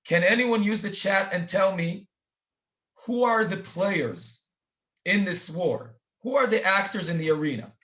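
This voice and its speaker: Male webinar lecturer, high voice, speaks to the audience as friends, dramatic storytelling. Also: lively intonation, a little slow, a bit bright. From Israel. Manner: direct audience address, calls listeners "friends". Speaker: webinar speaker and tour educator. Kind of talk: live online lecture. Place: home near the Syrian border. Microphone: video call.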